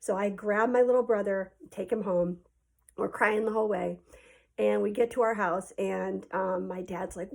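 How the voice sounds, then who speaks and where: A woman tells a childhood story to her class from home, chatty and animated. She fills the pauses with ums and likes. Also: medium pitch, vocal fry. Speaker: teacher telling stories to her class. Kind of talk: casual spoken storytelling.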